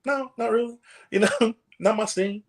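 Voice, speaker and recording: A man's voice: sits high, normal speed, a little hiss or hum. A male pro wrestler as a podcast guest, telling casual stories and acting out the voices in them. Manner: animated, acts out the voices in his stories.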